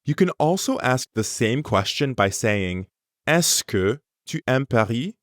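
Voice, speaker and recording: Slow, lively-voiced male teacher. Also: medium pitch, no echo, studio quality. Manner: slow, careful pronunciation for learners. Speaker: language teacher. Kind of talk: scripted lesson narration.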